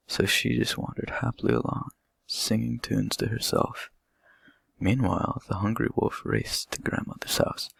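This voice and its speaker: A man reads a children's bedtime story in a deep voice with heavy vocal fry. His tone is husky and breathy, and the recording is dry and close to the mic. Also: dry recording.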